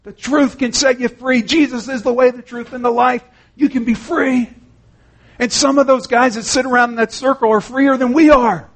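A man's voice: extremely high pitch, fairly even intonation, normal speed. A man preaching an earnest, conversational sermon, retelling conversations and often saying "man". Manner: frequent "man" and restarts.

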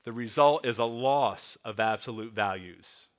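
A man, a pastor, preaching a sermon in an earnest way, slowing and dropping soft on key words. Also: mid-range voice. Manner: earnest, slows and drops softly on key words; repeats words while restarting.

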